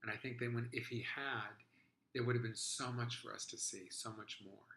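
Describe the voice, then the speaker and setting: A man's voice: medium pitch, fairly even intonation, moderate pace, vocal fry, sharp tone. A man hosting a podcast in casual chat, rambling with lots of fillers. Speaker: podcast host. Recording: roomy echo.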